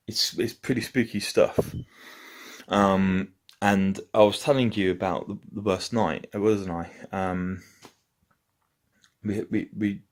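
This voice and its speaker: A man casually telling a rambling story to camera from his home. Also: low voice. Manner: rambling, loose anecdote-telling. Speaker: vlogger. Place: at home, indoors.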